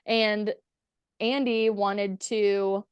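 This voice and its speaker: A woman's voice: mid-range voice, little pitch movement, extremely slow, clear, resonant tone, dry recording. A young woman telling stories as a podcast guest, candid and profane, acting out what people said. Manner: candid, profane, acts out quoted dialogue. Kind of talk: casual storytelling interview.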